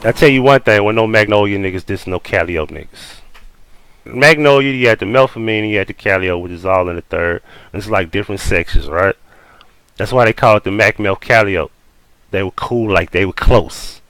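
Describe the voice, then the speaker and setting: A man's voice: fairly low pitch, moderate pace, a bit bright, clean tone, no room sound, low-quality recording. Blunt, profane man with a New Orleans accent. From Louisiana. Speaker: host reacting to a video. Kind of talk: casual commentary.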